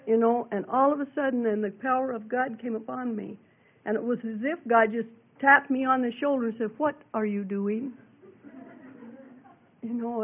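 A woman's voice: on the high side, phone-quality sound. A middle-aged woman preacher giving a sermon and personal testimony, talking earnestly and conversationally with many fillers.

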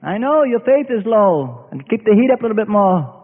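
A preacher putting on God's voice, steady, patient and unhurried, with lively pitch. The recording is tinny and phone-like with a long hall echo. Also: male voice. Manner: calm, firm, unhurried. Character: calm, patient male God.

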